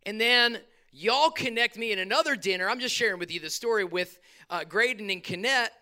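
In a church hall, a man gives an energetic sermon from the pulpit with a high, smooth, clear voice. One moment he is loud and fired up, the next he tosses quick, casual asides to the congregation.

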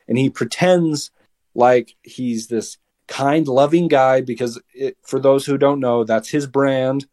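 A young man in his late teens, a podcast guest, tells a story casually in a heated, animated way, restarting his words often. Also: medium pitch, unhurried.

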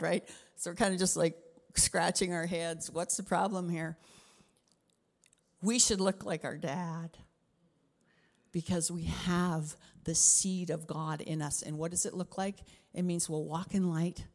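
A middle-aged Canadian woman preaching a sermon as a pastor, expressive, sometimes dropping her voice to a whisper for emphasis. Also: lowish voice, measured pace, big-room sound.

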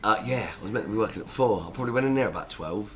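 A man's voice: fairly low pitch, animated, racing. A man co-hosting a podcast, telling rambling, chaotic stories in casual chat. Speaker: podcast co-host.

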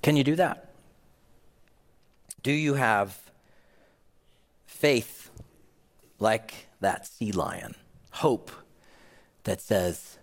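A man's voice: on the low side, expressive, extremely slow, pauses often, big-room sound. A man, a pastor, preaching an earnest, emphatic sermon in a church and closing with a prayer.

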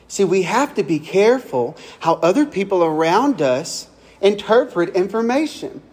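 A man's voice: sits high, big pitch swings, a little slow. A man preaching a sermon in a conversational, storytelling way, often restarting his phrases. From Kentucky. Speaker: pastor.

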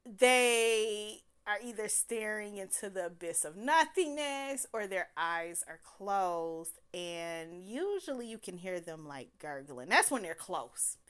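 A woman telling a personal story in a casual, animated way, laughing often and slipping into quoted voices. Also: mid-range voice, slow pace, hardly any pauses, smooth.

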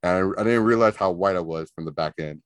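A man telling a story on a podcast, animated and profane, often laughing. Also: sits low, fast talker, no room sound, studio quality. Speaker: podcast co-host. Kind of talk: casual storytelling.

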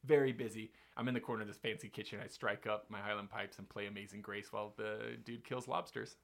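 A man's voice: on the low side, fast, creaky. Rambling man telling a story. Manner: rambling, animated, many fillers and restarts. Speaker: podcast host telling a story. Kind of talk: casual storytelling chat.

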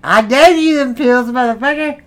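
High, bright-voiced man cursing and rambling. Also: normal speed, slight background noise. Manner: rambling, profane, laughing often. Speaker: podcast host. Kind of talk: crude comedic podcast banter.

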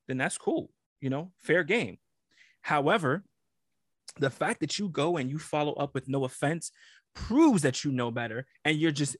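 Blunt man on a podcast, higher voice. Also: no echo, studio quality. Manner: blunt, argumentative, profane. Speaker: podcast co-host. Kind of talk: casual chat.

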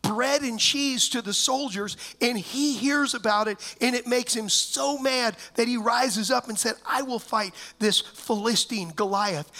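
A man's voice: extremely high pitch, pushed and bright. A man, a pastor, preaching a sermon in church, telling a personal story and often asking the congregation whether they know what he means.

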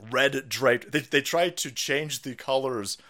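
A man's voice: medium pitch, takes it slowly, bright, forceful tone. A man hosting a live stream, ranting with profanity and sarcasm. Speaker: host. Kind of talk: live-stream political rant.

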